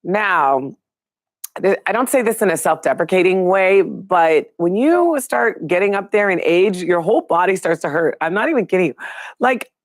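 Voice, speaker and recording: A woman's voice: on the low side, animated, moderate pace, dry recording. A middle-aged woman hosting a live online show, chatting casually and upbeat with viewers and reading out their names.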